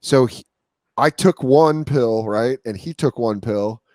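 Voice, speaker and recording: Man telling lively stories, dry studio sound. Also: medium pitch, slow, no echo. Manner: animated storytelling, acts out quotes. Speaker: guest comedian. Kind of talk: casual chat.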